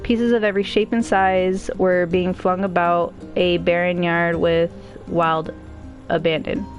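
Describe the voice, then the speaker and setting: A woman's voice: lowish voice, level tone, unhurried, dull audio, faint music behind. A woman streamer reading a game's story aloud, breaking off for emotional, chatty reactions. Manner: emotional, chatty asides between narration.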